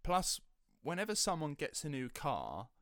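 A man's voice: on the high side, wildly swooping pitch, normal speed, fairly bright tone, no room sound, clean studio sound. A man hosting a podcast, telling a story in a chatty, sceptical way. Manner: chatty, sceptical, slips into quoted voices. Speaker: podcast host. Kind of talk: casual storytelling chat.

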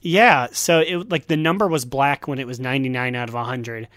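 A man's voice: mid-range voice, a little fast, a bit bright, no room sound, studio quality. Giggly man on a gaming podcast. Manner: laughs often while talking. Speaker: podcast co-host. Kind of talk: casual gaming podcast chat.

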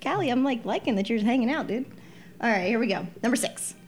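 A woman co-hosting a casual podcast and running a quiz game. She keeps things brisk and a little teasing with the guessers. Faint music plays under her voice. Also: a little high, animated.

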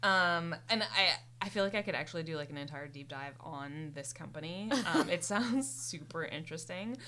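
A young woman with a low-sitting voice hosts a podcast, speaking at a moderate pace in a pushed, bright tone. She casually recounts someone's life story in a rambling way, full of "um" and "like."

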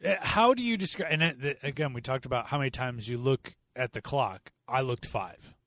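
A man co-hosting a casual movie review podcast, animated and fond of acting out scenes in put-on voices. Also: medium pitch, brisk, dry recording. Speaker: podcast co-host.

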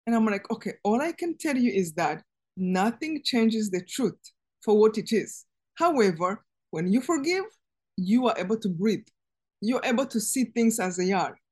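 A woman guest giving an earnest personal testimony in conversation, halting and restarting as she speaks. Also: fairly high pitch, expressive, a little mellow, slightly rough. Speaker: interview guest.

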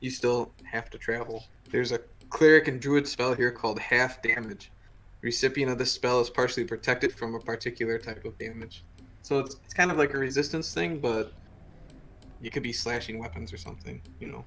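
Relaxed man explaining game rules. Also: medium pitch, brisk. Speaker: podcast co-host. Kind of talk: casual chat reviewing a game book.

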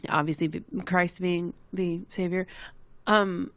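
A woman's voice: lowish voice, fairly even intonation, a little slow, fairly bright tone, dry recording. A woman co-hosting a casual podcast, playful and self-deprecating. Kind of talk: casual chat.

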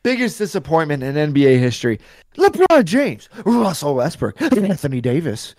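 A man co-hosting a podcast, giving a brash, mocking, animated sports countdown rant. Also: on the high side, moderate pace, no echo, clean studio sound. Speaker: podcast co-host.

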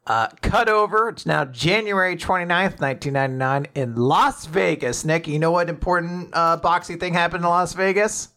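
A young man talks through an anime episode with a friend in casual podcast chat. His voice sits a little high and sounds bright. He keeps jumping into quick character voices as he retells scenes. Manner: animated retelling, acting out lines in quick voices. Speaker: podcast host recapping an anime.

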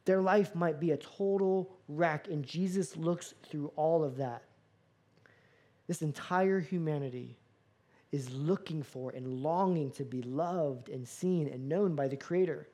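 Animated male pastor preaching. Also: on the high side, unhurried. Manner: animated, acts out dialogue with playful asides. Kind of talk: sermon.

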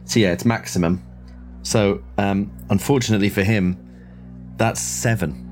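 A man playing a tabletop game, describing his character's moves in an animated, gleeful way. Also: on the low side, moderate pace, faint music behind. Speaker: player. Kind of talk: casual tabletop game play.

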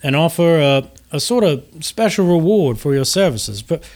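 A man's voice: fairly high pitch, lively intonation, normal speed, darkish tone, pitched above the performer's own voice, close to an everyday voice. A man voicing an effusive, courtly male noble who heaps flowery praise on his guests during a tabletop game. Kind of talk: tabletop role-play character voice.

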